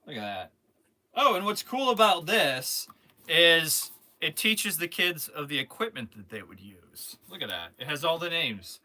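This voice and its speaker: A man hosting a live toy-selling stream in casual chat, jokey and rambling, with sudden loud outbursts. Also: fairly high pitch, very animated, unhurried.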